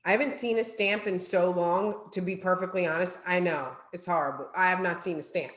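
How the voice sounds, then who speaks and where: A woman's voice: lowish voice, fairly even intonation, brisk, roomy sound. A woman with a New Jersey accent giving an upbeat, chatty sales training talk, often tagging her points with "right?".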